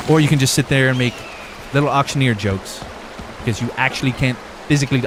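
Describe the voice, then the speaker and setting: A man's voice: mid-range voice, quick pace, noisy background. A young man live streaming a game, chatting loosely with his viewers, rambling and swearing a lot. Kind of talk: casual live stream chat.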